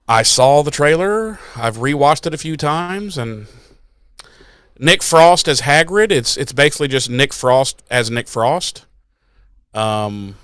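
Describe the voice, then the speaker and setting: A man's voice: medium pitch, a bit bright, clean tone, dry recording, clean studio sound. A man co-hosting a podcast, ranting in casual chat with sarcastic, profane asides. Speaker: podcast co-host.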